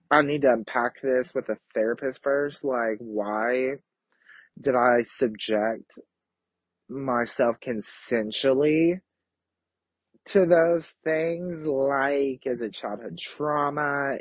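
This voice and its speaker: This Kentucky podcast host, a young man, speaks in a mid-range voice through a brash, profane, campy confessional monologue. The dull lo-fi home recording has no room sound.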